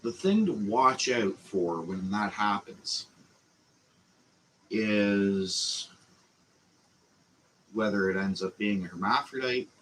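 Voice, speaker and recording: A man with a Canadian accent hosting a casual growing class, talking slowly and meandering with lots of fillers. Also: lowish voice, lively intonation, fairly bright tone, slight background noise, low-quality recording. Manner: slow, meandering, with frequent fillers. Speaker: channel host teaching a growing class. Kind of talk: casual instructional talk.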